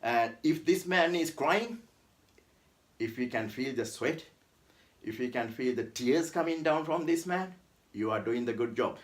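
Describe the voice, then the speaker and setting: A man's voice: mid-range voice, expressive, a little slow. A man giving a casual workout tutorial as a fitness instructor, talking in a chatty, repetitive way and often calling his viewers "guys". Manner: chatty, repeats "guys" and "right?", calls the abs "this man".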